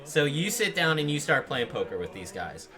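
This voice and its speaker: A man narrating a tabletop role-playing game as game master, in a relaxed way with frequent fillers. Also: a little high, normal speed, some chatter behind.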